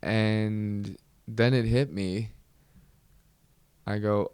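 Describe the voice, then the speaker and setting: A young man hosting a podcast, telling a comedic story with animated, exasperated outbursts. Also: lowish voice, takes it slowly, pauses often, clear, resonant tone, dry recording. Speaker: podcast host.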